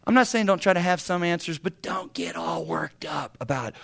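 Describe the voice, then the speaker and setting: A man's voice: fairly high pitch, a little fast, vocal fry, hardly any pauses. A man in his fifties preaching a sermon as pastor, talking in a conversational, humorous way with sudden bursts of emphasis. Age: 50s.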